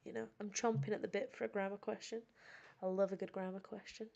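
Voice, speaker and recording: Gravelly-voiced woman teaching live. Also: medium pitch, little pitch movement, fast, dull audio. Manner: playful and self-teasing, drops to soft asides. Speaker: English teacher. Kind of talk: casual live-stream lesson chat.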